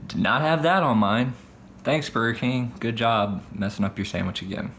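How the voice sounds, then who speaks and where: A man's voice: medium pitch, lively intonation, normal speed, fairly bright tone, slight background noise. A man casually telling a story in slang between bites of food, as a food vlogger. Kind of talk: casual mukbang chat.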